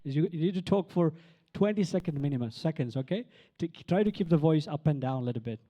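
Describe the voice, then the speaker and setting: A man's voice: a little high, animated, fast talker, muffled recording. A man presenting a live voice demo at a conference, talking casually with many fillers and restarts. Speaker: event presenter. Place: conference hall with crowd.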